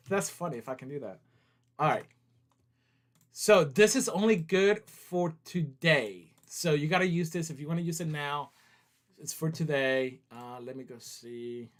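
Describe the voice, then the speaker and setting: A man with a slightly high voice hosts a relaxed livestream from his desk. He talks straight to his viewers as he clicks through things on screen, and laughs easily. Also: measured pace. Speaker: company CEO hosting a livestream. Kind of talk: casual livestream chat.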